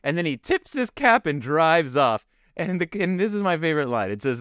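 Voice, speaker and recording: A man's voice: on the high side, very animated, normal speed, fairly bright tone, clear, resonant tone, dry recording, studio quality. A man giving a rambling, comic commentary on a picture book, full of wry asides.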